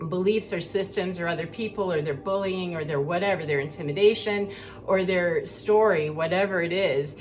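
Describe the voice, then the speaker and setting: A woman giving an earnest, rambling spiritual monologue as a coach, talking in a preachy way. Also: lowish voice. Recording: dull lo-fi with faint background noise.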